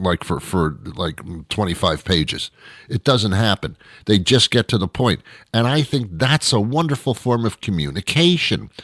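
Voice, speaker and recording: A man's voice: mid-range voice, dry recording, clean studio sound. A man hosting a show, delivering an exasperated comedic rant monologue full of stumbling restarts. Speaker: show host.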